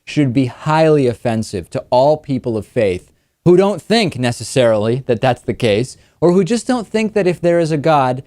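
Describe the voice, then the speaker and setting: A man hosting a political talk show, giving wry, quick commentary with frequent restarts. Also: medium pitch, a little mellow, no room sound, clean studio sound. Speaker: host.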